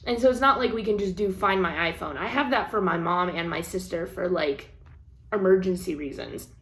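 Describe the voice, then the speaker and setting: A woman's voice: fairly low pitch, moderate pace. A young woman craft vlogger telling a story in casual chat, with frequent laughs and the odd swear word. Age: young adult.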